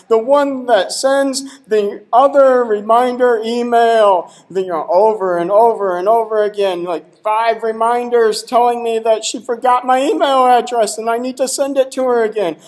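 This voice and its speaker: A man's voice: very high-pitched, normal speed, hardly any pauses, a little mellow, rough recording. A man giving a short humorous talk at a conference, joking and teasing the audience in an exasperated way. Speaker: conference presenter. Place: conference hall.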